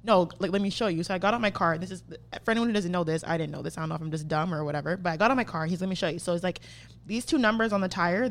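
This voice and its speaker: A young adult woman, a podcast host telling a story in casual, profane chat and acting out what people said. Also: mid-range voice. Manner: profane, animated, acts out quotes.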